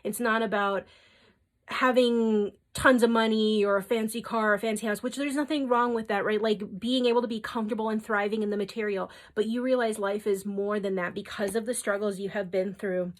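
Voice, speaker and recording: A woman's voice: medium pitch, fairly even intonation, fairly quick. A young adult woman giving a spiritual tarot reading, earnest and emotional, who often checks in with "okay?" and fills with "like". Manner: soft, earnest and emotional, with frequent "okay?" and "like" asides. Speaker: tarot reader.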